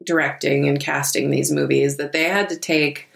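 A woman's voice: deep voice, steady tone, moderate pace, gravelly. A woman co-hosting a casual podcast chat, blunt and swearing often. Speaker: podcast co-host.

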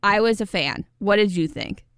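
A woman's voice: medium pitch, expressive, normal speed, a bit bright, clean tone, dry recording, studio quality. A woman co-hosting a casual recap podcast, chatty and enthusiastic with frequent laughs. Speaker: podcast co-host.

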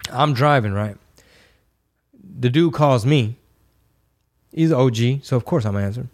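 A man from Texas hosting a podcast, telling stories in a casual, slangy and animated way. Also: mid-range voice, unhurried. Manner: animated, slangy, acts out quoted voices. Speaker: podcast host and rapper. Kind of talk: casual storytelling.

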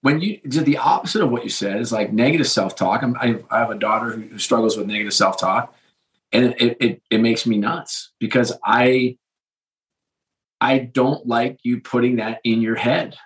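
A man's voice: medium pitch, moderate pace, poor audio. A middle-aged man hosting a podcast conversation, enthusiastic and rambling, often restarting his sentences. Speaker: host.

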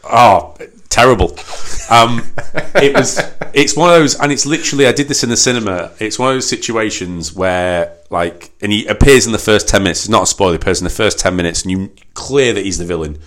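A man co-hosting a casual film chat, animated and quick to laugh, often restarting his sentences. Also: lowish voice. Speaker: podcast co-host.

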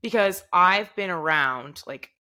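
A young woman with a bright, forceful voice that sits a little low, co-hosting a casual podcast chat. She tells stories with animation and acts out the lines other people said. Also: a little slow. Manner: animated storytelling, acts out quoted dialogue. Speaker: podcast co-host.

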